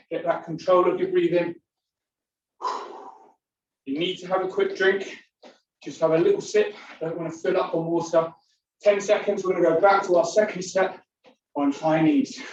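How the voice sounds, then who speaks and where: Woman fitness instructor, breathing hard, counts down and calls out moves, unhurried delivery, very echoey room, distant dull mic. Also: fairly low pitch, fairly even intonation, darkish tone, a little hiss or hum. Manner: counts down and calls out moves while exercising along. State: breathing hard between exercises. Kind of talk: leading a home workout class. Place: indoors.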